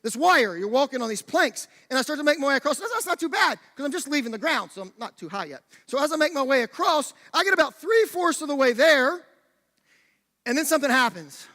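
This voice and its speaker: A man preaching a sermon in a church, telling a personal story in an animated way and directing a volunteer on stage. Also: very high-pitched, fairly quick. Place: church sanctuary. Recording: church hall reverb.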